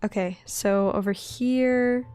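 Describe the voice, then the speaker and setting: A young woman with a light Southern accent, chatting in a bubbly, rambling way while she draws on a stream, often giggling and getting excited. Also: mid-range voice, slow, smooth. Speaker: digital artist streaming her drawing. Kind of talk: casual chatty art stream.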